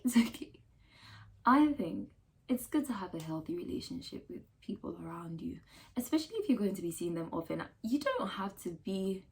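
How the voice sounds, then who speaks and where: A Ghanaian woman with a mid-range voice, a lifestyle vlogger, gives casual advice to the camera. She's emphatic and animated, peppering her monologue with rhetorical questions and mock quotes.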